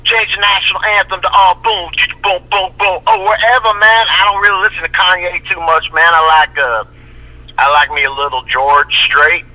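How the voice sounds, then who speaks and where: A high, bright Southern redneck caller. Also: male voice, steady tone, moderate pace, dull audio. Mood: rambling. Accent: American Southern. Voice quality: drawling, swearing, calls everyone man. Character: rowdy Southern redneck man, truck-driving flag-waving patriot.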